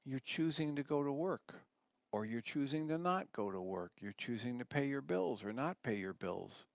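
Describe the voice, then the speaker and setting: An earnest man in a radio teaching talk reads passages aloud and explains them patiently. His voice sits at an ordinary middle pitch. The recording is dry, with no room sound around it. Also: lively intonation, normal speed, vocal fry, no room sound. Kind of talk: radio teaching talk, reading and commenting on a book.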